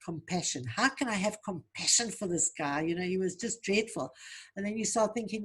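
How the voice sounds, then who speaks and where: Husky and mid-range, this woman's voice moves at a normal speed with lively intonation. She's a trauma survivor coach being interviewed, answering thoughtfully and sincerely about healing, giving advice and recounting her own story.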